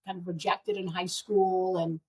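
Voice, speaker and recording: A middle-aged woman, mother of the podcast's hosts, chats casually as a guest, telling stories with animated emotion and acting out other people's lines. Her voice is fairly low and husky, at a moderate pace.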